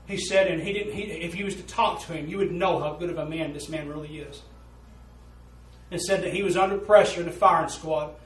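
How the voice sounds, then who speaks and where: Preacher guy, folksy and earnest, kinda high voice, sounds far off in a big echoey room. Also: steady tone, brisk. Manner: folksy, earnest storytelling with rising fervor. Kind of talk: sermon. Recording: roomy echo, voice from a distance.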